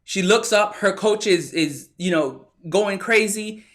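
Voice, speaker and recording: A man with a fairly high voice delivers a motivational talk. He tells a story with animated energy and acts out the lines of the people in it. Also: slow. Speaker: motivational speaker.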